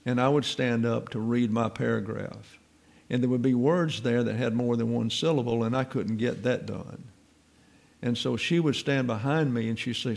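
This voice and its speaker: A man's voice: mid-range voice, vocal fry, a little mellow. A man giving an informal Bible teaching, mixing scripture points with wry, folksy stories from his own life.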